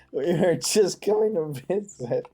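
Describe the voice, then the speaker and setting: A man's voice: sits high, animated, takes it slowly, over music. A man streaming a game, asking questions in a playful, giggly way. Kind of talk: casual game stream roleplay.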